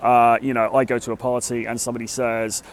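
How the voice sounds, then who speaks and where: A man's voice: medium pitch, flat delivery, fairly quick. A British man who coaches on dating gives casual advice to the camera outdoors in a city. He talks in a chatty way and hedges a lot with "sort of" and "kind of". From Britain.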